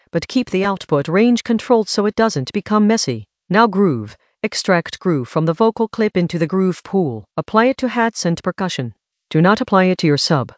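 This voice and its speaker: Tutorial narrator: animated, emphatic production teacher, dry and slightly dull sound. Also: mid-range voice, no room sound. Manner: instructive, step-by-step, emphatic.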